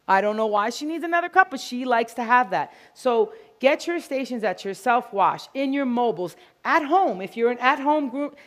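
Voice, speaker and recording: Lady doing a live grooming demo, high voice, super animated storytelling. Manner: animated, storytelling, acts out quotes. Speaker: grooming educator. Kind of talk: live demo talk to an audience. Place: event hall with live audience.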